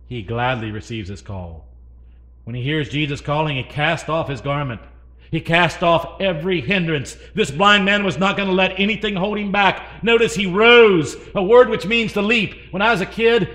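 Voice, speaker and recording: Male preacher, high tenor, bright edge; dynamic sermon delivery with questions to the room. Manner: dynamic, swinging between loud emphasis and hushed asides; asks the congregation questions.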